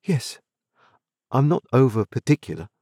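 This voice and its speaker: A man putting on a soft-spoken gentle young woman. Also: mid-range voice, very animated, measured pace, husky, no room sound, clean studio sound, voice pushed up. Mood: gentle, sorrowful. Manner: soft, mild, sorrowful. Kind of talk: audiobook character reading.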